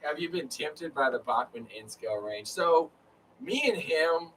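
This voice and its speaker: A man's voice: a little high, animated, a little slow, a bit bright, recorded from a distance, rough recording. A man chatting casually on a live stream, rambling with lots of fillers. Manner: rambling, filler-heavy storytelling. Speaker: co-host of a live chat. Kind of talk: casual chat.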